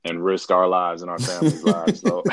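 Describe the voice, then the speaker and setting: A young man co-hosting a casual podcast, talking in a relaxed, rambling way with lots of fillers. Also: mid-range voice. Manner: laid-back, rambling with many fillers. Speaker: podcast co-host.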